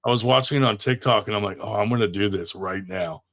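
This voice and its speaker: A man's voice: lowish voice, fast talker, a crowd in the background. A young man chatting casually on a podcast, laughing often and swearing freely about his daughter. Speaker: podcast co-host. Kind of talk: casual chat.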